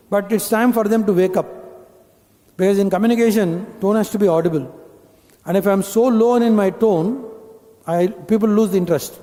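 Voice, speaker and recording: Leading a live communication-skills training, a corporate trainer with an Indian English accent quizzes his audience with instructive questions. His voice sits high yet has a dark tone, and the room adds a long hall reverb.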